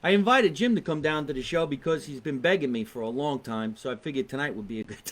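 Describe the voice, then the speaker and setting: Talking fast in an expressive voice on the high side, a man with a New Jersey accent runs a live comedy talk show online from his home basement. He's brash, jokes around with viewers, and swears freely throughout the casual chat.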